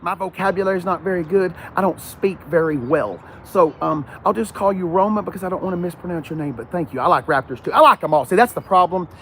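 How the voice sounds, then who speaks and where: A man's voice: high voice, fast talker, few pauses, slight background noise. A man from the Southern United States with a Southern accent, rambling jokily through a casual vlog at a car lot and getting sidetracked. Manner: rambling, easily sidetracked, jokey. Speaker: car vlogger.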